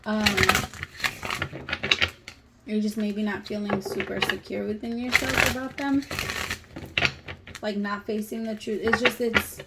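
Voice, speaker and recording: A woman's voice: medium pitch, fairly even intonation, a little slow, creaky, pauses often, heavy background noise. A woman giving a casual tarot reading to camera, talking bluntly and emphatically and swearing freely. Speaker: tarot reader.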